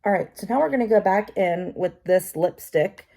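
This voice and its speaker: Mellow-voiced woman chatting through makeup. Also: medium pitch, lively intonation, normal speed, vocal fry. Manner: chatty, talks to herself, self-deprecating asides. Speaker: makeup vlogger. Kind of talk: casual talk while doing makeup.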